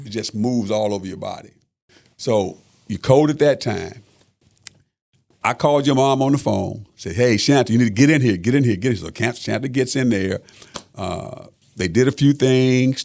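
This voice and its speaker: Gravelly-voiced middle-aged man telling a story. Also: mid-range voice, darkish tone. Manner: earnest, repeats phrases, many "uh" fillers. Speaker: father of the guest. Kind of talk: storytelling on a podcast.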